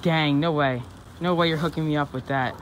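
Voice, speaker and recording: A man's voice: a little high, steady tone, fairly quick. Slangy joking teenage guy outdoors. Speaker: vlogger. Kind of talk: prank vlog. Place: outdoors on a residential street. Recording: outdoor street noise.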